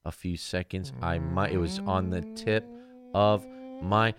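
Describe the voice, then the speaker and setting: A man's voice: low-pitched, steady tone, a little slow, music in the background. A young man co-hosting a casual podcast, telling loose, profane stories and acting out the voices in them. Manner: rambling storyteller, loose and profane, acts out voices in quotes. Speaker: podcast co-host.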